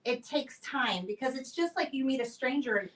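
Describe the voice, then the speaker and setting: A woman's voice: high-pitched, animated, normal speed, recorded from a distance, low-quality recording. Chatty woman in her forties, off-mic. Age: 40s. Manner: chatty storyteller, acts out quotes. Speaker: building owner. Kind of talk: casual chat.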